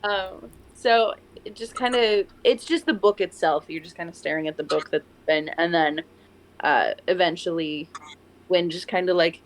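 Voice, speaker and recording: A woman's voice: fairly low pitch, normal speed. A woman narrating as game master, rambling with many restarts. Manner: rambling, full of fillers and restarts.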